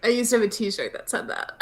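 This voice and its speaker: Southern woman, podcast co-host on a video call; lively, giggly, rambling delivery. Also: on the high side. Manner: giggly, animated, lots of fillers. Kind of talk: casual chat over a video call. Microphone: video call mic.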